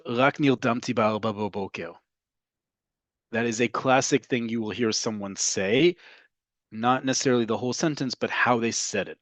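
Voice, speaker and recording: A man teaching a casual online language lesson. He explains at length, checks in with "right?" all the time, and slows down to model phrases. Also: mid-range voice, fairly bright tone, no room sound.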